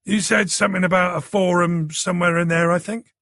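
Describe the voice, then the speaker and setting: A man's voice: sits high, steady tone, brisk, gravelly, a bit bright, no room sound, clean studio sound. A man playing a bemused, easygoing middle-aged bloke. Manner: laid-back, bemused.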